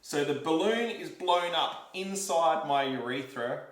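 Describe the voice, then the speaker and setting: Animated Australian man telling a story. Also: a little high, a little slow. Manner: animated, repeats himself, acts out quotes and demonstrations. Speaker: vlogger. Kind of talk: casual storytelling to camera. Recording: roomy echo.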